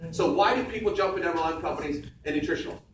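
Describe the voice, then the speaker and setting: On stage before an audience in a large room, a seminar speaker delivers a punchy, emphatic motivational sales talk and repeats key phrases. His voice is fairly high, a bit bright, and very fast. The recording is echoey, with the mic far away and faint background noise.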